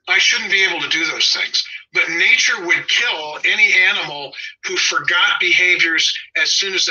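A Los Angeles dog trainer in his sixties, with a Southern Californian accent, chats casually in an opinionated, wry way, drifting into side stories. His voice is a little high, sharp, and breathy, on dull lo-fi audio.

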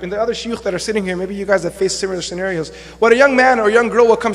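Young guy imam giving a sermon, high voice, jokey storytelling, big echoey hall. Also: very fast, hardly any pauses, slight background noise. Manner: animated storytelling with acted-out quotes and humor. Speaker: imam and lecturer. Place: mosque hall. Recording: long hall reverb.

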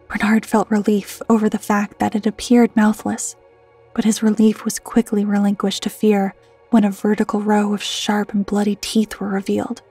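A woman reading a scripted horror story in a hushed voice that keeps slipping into whispers. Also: medium pitch, completely flat delivery, normal speed, husky. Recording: dry close mic with soft music underneath.

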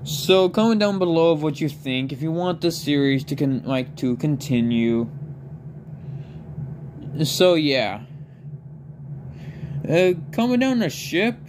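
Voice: medium pitch, background noise. A fan storyteller improvising a story in a rambling way, full of fillers and self-corrections.

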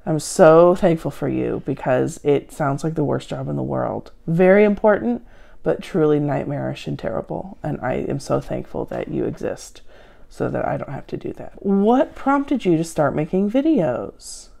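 A woman with a low, heavily gravelly voice and a mellow, dark tone answers viewer questions. Her delivery is deadpan and sarcastic, full of self-mocking asides. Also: moderate pace. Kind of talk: deadpan comedic Q&A. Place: at home.

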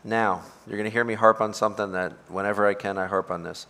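A pastor leads a Bible study in a bright, forceful voice that comes through crisp and clean. He talks emphatically, repeats his points and keeps asking the room questions, while a long hall reverb trails behind him. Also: on the low side, fairly even intonation, fast.

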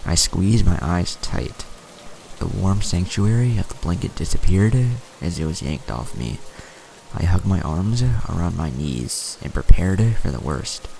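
A man with a gravelly voice giving a slow, steady, scripted horror narration. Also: low voice, slight background noise. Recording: music playing behind.

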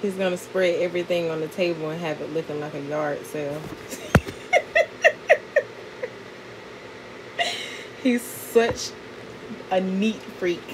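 A woman's voice: on the low side, moderate pace, background noise. A woman vlogger chatting casually with lots of fillers, narrating a gift unboxing. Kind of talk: casual vlog and voiceover narration.

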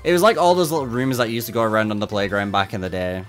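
A man's voice: lowish voice, racing, faint music behind. A man streaming a game, chatting casually and bluntly with his chat, swearing freely and venting frustration.

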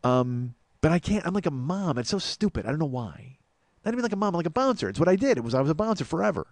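Man in his 40s, comedy podcast host, quick exasperated storyteller, slightly high voice. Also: no echo. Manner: profane, exasperated, animated retelling. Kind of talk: storytelling monologue.

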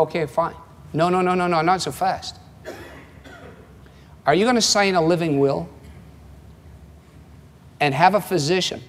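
A man in his seventies with a Scottish accent, preaching a sermon in a wry, conversational way, acting out quotes. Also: high voice. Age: 70s. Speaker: pastor. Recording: long hall reverb.

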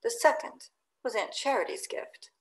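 A woman's voice: sits high, wildly swooping pitch, moderate pace, low-quality recording. Theatrical woman reading a classic novel. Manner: theatrical, swings loud on exclamations. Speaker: audiobook reader. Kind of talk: expressive audiobook narration.

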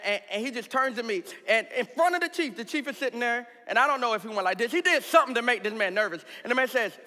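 A man pastor telling a candid, comic story in a sermon, animated and laughing along. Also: very high voice. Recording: reverberant hall sound.

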